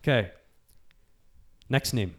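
A man's voice: mid-range voice, takes it slowly. A man hosting a casual sports podcast, talking loosely with frequent restarts. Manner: loose, rambling, restarts and laughs. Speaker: podcast host.

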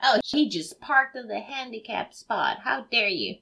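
A woman's voice: fairly high pitch, expressive, a little slow, creaky, background noise. A woman giving playful, giggly running commentary while watching a movie with a friend. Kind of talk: casual watch-along chat.

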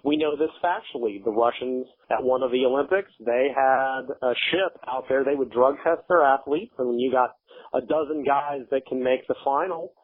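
Husky guy ranting hard and swearing, tinny phone-like sound. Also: medium pitch, moderate pace. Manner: profane, emphatic, ranting. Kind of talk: blunt casual chat.

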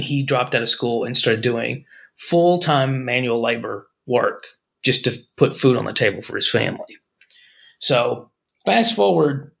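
In a casual podcast chat, a male co-host rambles through stories and jokes, often restarting. His voice is fairly high, gravelly, and a bit bright.

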